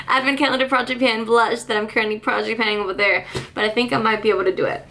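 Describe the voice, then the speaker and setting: A woman's voice: on the high side, fairly even intonation, very fast, gravelly, bright, forceful tone, a little hiss or hum. A woman beauty vlogger chatting casually to camera about her makeup, with frequent fillers and small laughs.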